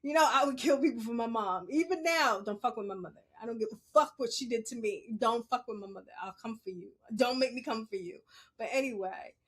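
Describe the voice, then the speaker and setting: Middle-aged woman podcast host, fairly high voice, blunt and profane, candid monologue with loud laughing asides. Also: brisk, husky.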